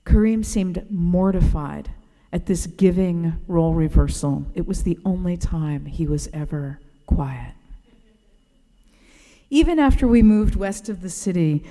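A woman reading a personal essay aloud in a gentle, reflective storytelling way. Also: fairly low pitch, lively intonation, unhurried, big-room sound. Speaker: narrator.

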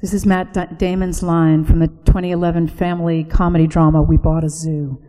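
A woman narrating a reflective spoken essay, slow and hushed, sometimes dropping to a whisper. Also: on the low side, level tone, long reverb tail, low-quality recording.

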